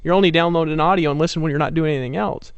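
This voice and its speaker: A man's voice: a little high, racing, clear, resonant tone, no echo, muffled recording. A man giving a persuasive motivational sales talk, telling stories and firing off rhetorical questions. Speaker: network marketing presenter.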